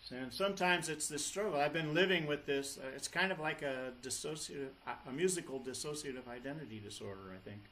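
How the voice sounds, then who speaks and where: This folk rock singer's voice is fairly high, bright and forceful, and he talks briskly with few pauses. Between songs at a live venue, he rambles loosely in front of the crowd, restarting often, with acoustic guitar behind him and slight hiss or hum.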